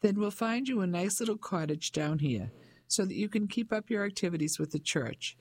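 A man's voice: sits high, lively intonation, normal speed, no echo, voice pushed up. A man voicing a pompous fifty-five-year-old businessman in an audiobook, speaking in a blustering, patronizing way. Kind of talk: audiobook character voice.

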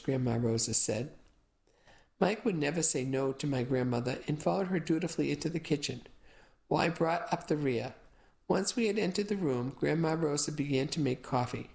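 A woman narrating a first-person novel as an audiobook, with a lively, expressive delivery. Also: low-pitched, normal speed, creaky, low-quality recording.

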